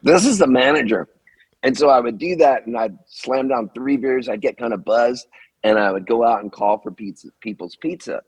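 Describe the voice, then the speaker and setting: A man's voice: mid-range voice, moderate pace, husky, no echo. A man in his sixties, a musician guest telling stories in an interview and acting out the people he quotes. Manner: lively storyteller who acts out the people he quotes. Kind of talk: storytelling interview.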